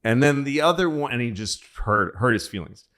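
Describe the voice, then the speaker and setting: A man's voice: medium pitch, animated, a little fast, a bit bright. A man, a comedian on a podcast, telling a rambling, profane history story in casual chat.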